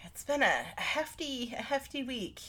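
A woman's voice: high-pitched, very animated, moderate pace, sharp tone. A woman co-hosting a podcast, casual and giggly, a bit stuffy and tired. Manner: giggly, laughs often. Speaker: podcast co-host. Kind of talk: casual chat.

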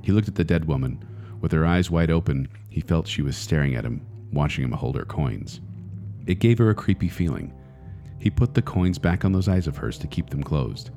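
A man reads a spooky children's tale aloud in a deep, mellow voice. He takes it slowly and deliberately, building suspense line by line, like a host reading to his co-hosts. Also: expressive, faint music behind. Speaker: podcast host. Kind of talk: dramatic storybook reading.

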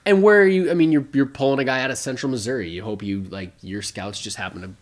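A man's voice: medium pitch, quick pace. A man co-hosting a podcast, talking casually about sports with a lot of fillers and restarts. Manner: rambling, conversational, many fillers. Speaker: podcast co-host.

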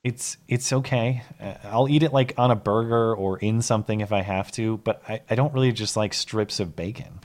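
Hoarse young man on a call-in show. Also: on the low side, normal speed, hardly any pauses, a little mellow. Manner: rambling, self-deprecating, many restarts. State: hoarse, losing his voice. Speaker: podcast co-host. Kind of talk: casual live call-in chat.

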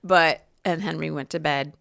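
A woman's voice: deep voice, fairly even intonation, moderate pace, creaky, fairly bright tone, no room sound, clean studio sound. A middle-aged woman co-hosting a podcast, rambling and laughing as she tells family stories. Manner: rambling, self-interrupting, laughing storyteller. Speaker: podcast co-host. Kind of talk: casual chat.

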